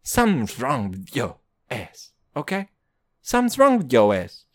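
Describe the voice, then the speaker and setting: A man doing a profane stand-up monologue in hip-hop slang, English not his first language, jumping between loud outbursts and low mutters. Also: huge pitch swings, a little slow, no room sound. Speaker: stand-up comedian.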